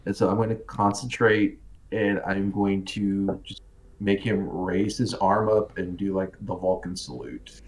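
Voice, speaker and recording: A man's voice: low-pitched, steady tone, measured pace. A man playing a tabletop game, explaining his move in a matter-of-fact way. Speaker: player. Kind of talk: casual tabletop play.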